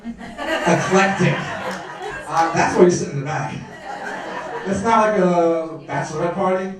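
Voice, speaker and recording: On a comedy club stage, a middle-aged Brooklyn, New York comedian delivers a brash, wisecracking set full of crowd work. His voice sits high at a moderate pace, picked up from far off in an echoey club.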